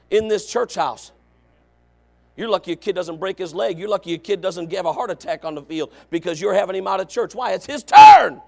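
With vocal fry in his voice, a middle-aged male preacher gives a revival sermon in a repetitive, forceful cadence, swinging from low asides up to shouting exhortation.

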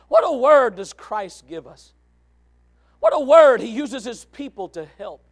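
High, gravelly preacher man. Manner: swings from soft asides to shouted exclamations; reads scripture in old-fashioned wording. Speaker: pastor. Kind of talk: fiery sermon.

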